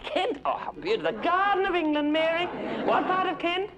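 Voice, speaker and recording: A man's voice: extremely high pitch, big pitch swings, fairly quick, a loud crowd, very noisy. A man playing a gushing, condescending middle-aged Australian housewife superstar, trading backhanded compliments with the audience in a live stage comedy act. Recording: live theatre recording, loud audience.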